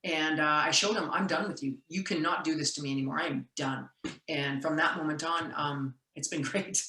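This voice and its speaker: Woman referee, animated storyteller, bright voice, echoey room. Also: sits low, moderate pace. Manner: animated storyteller, acts out quotes loudly. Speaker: basketball referee and session speaker. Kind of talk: storytelling talk on a video call.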